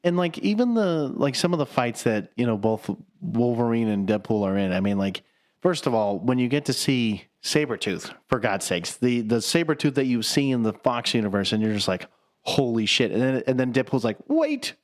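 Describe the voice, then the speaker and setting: A man co-hosting a casual movie chat, excitable and profane, often jumping into high-pitched quoted voices. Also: brisk. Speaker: podcast co-host.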